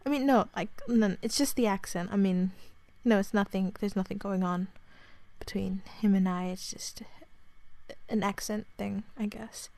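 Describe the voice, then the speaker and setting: A woman in her twenties with an Australian accent, in a whispered role-play, talking softly to the listener, rambling and apologizing. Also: mid-range voice, fairly even intonation, moderate pace, no echo. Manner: soft-spoken, rambling, apologetic.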